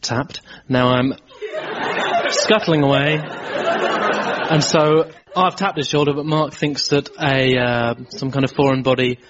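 Deadpan comedy sidekick man. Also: medium pitch, slow pace, a loud crowd, heavy background noise. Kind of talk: playful banter. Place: stage with a live audience. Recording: muffled live audience recording.

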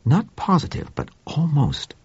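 A man voicing a gentle, furry male Martian with a soft, sibilant, formal way of speaking, in an audiobook reading. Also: a little high, wildly swooping pitch, husky, no echo, dull audio, pitched above the performer's own voice, heavily acted. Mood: earnest. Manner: measured, formal speech.

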